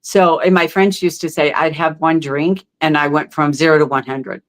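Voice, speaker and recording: A middle-aged woman telling her own story as a podcast guest, heartfelt and halting, with many fillers and restarts. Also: sits low, fairly even intonation. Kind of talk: candid interview storytelling.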